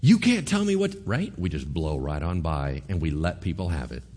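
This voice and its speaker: A man delivering a sermon in a low voice that leaps and dips with lively emphasis. He acts out the people he talks about and keeps firing questions at the listeners. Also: normal speed. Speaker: pastor.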